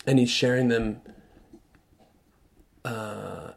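A man as an interview guest, telling a personal story in a thoughtful, halting way with frequent restarts. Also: mid-range voice, fairly even intonation, creaky. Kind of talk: reflective storytelling conversation.

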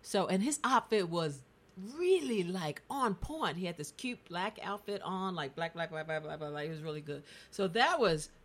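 A woman's voice: fairly low pitch, animated, moderate pace. A woman in casual chat, host of a talk show, telling a story with plenty of animation and frequent laughter.

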